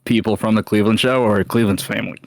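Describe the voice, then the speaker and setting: A man's voice: on the low side, steady tone, rapid-fire, vocal fry, dry recording, clean studio sound. A man hosting a watch-along stream, chatting casually and laughing often. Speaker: stream host.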